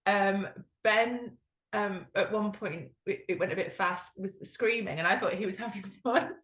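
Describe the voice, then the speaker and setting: A woman's voice: mid-range voice, measured pace, a bit bright, reverberant. A woman co-hosting a podcast in casual chat, telling a story with giggles and plenty of fillers. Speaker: podcast co-host.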